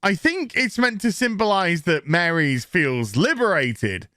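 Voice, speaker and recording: A man's voice: sits high, very animated, pushed and bright, no room sound, studio quality. A man recapping a TV episode in a casual, sarcastic, profane rant, mocking the scenes. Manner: mocks scenes in quick put-on voices. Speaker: TV show reviewer.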